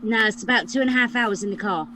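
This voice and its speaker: A woman's voice: fairly high pitch, fast talker, crowd noise, poor audio. A woman from Southern England with a Southern English accent, a podcast guest who patiently explains things in casual chat.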